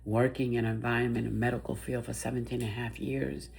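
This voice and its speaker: An older mother tells a personal story of grief. Her voice is soft and emotional, and she often stops and restarts her sentences. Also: a bass voice, little pitch movement, fast, gravelly. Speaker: bereaved mother.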